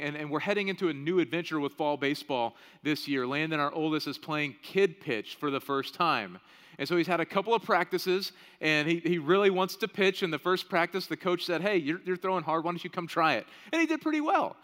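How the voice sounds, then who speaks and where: A man's voice: fairly high pitch, fairly bright tone. A man in his thirties preaching a sermon in a conversational way, often checking in with "right?". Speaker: pastor. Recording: long reverb of a large hall.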